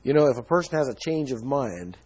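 A man's voice: mid-range voice, animated, brisk, a little mellow, breathy edge. A man preaching a sermon in an earnest teaching tone, leaning hard on key words. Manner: earnest teaching tone, emphatic stresses.

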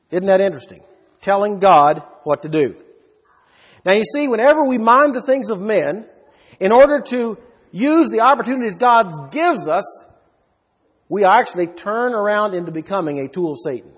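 High-voiced husky male preacher. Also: animated, normal speed. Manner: emphatic, asks rhetorical questions. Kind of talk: expository sermon. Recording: long hall reverb.

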